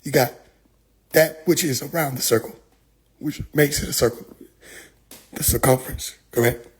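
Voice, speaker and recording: A man's voice: medium pitch, moderate pace, breathy edge, pitched below the performer's own voice. A man putting on the voice of an evasive male street book seller who rambles in circles, asking "correct?" after each point. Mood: evasive, rambling. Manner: circular pseudo-mystic rambling, keeps asking "correct?".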